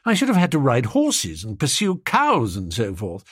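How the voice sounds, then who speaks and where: A man voicing a gloomy, hard-up young gentleman in an audiobook, rambling in flustered, old-fashioned slang. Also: mid-range voice, wildly swooping pitch, moderate pace, breathy edge, dry recording, clean studio sound. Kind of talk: audiobook character voice.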